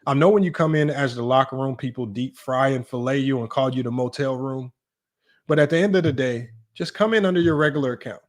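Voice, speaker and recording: A young man hosts a casual basketball livestream, talking a little fast as he reads the chat and super chats. He's animated and mocking, and his voice jumps high whenever he's incredulous.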